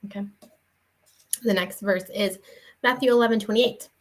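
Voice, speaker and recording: A woman's voice: medium pitch, fairly even intonation, normal speed, poor audio. A young woman giving a casual devotional talk in an earnest, conversational way, with many fillers and restarts. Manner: earnest, shares personal story. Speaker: faith vlogger and parent.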